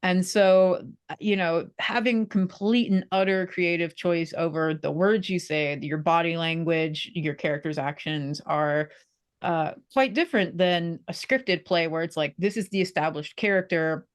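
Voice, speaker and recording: A woman's voice: lowish voice, measured pace, smooth. A young woman talking casually in an interview about acting, chatty and self-deprecating, with frequent restarts. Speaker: theater performer being interviewed.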